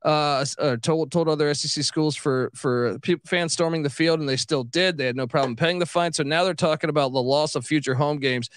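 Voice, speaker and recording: A man's voice: on the high side, a little fast, few pauses, no room sound. A man hosting a casual sports chat who rants, swears and gets worked up. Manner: ranting, profane, gets worked up. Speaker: podcast host.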